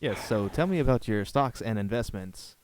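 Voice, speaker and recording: A man's voice: lowish voice, expressive, moderate pace, darkish tone. Teasing man on a podcast. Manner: teasing, swears casually. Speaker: podcast co-host. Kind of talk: casual chat.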